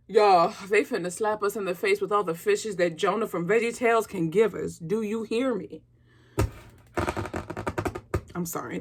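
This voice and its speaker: A woman hosting a movie review vlog, chatty and excitable, using casual slang and getting loud when she is excited. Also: mid-range voice, background noise.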